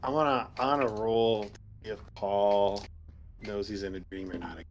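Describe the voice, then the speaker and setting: A man's voice: fairly low pitch, fairly even intonation, moderate pace, slight background noise. A man playing in a tabletop game, chatting casually and asking curious questions. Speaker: player.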